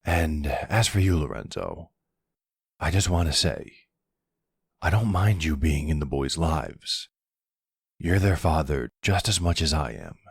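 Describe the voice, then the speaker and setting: A man voicing a protective middle-aged mafia boss in an ASMR boyfriend role-play, firm and deliberate. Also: lively intonation, vocal fry, slightly rough, no room sound, studio quality, heavily acted. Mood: stern. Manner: firm, warning, slow and low.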